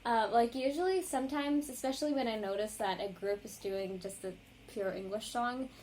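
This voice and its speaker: A woman vlogger reacting to music in a casual, rambling chat, full of ums and likes and quick apologies. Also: fairly high pitch, darkish tone, slight background noise.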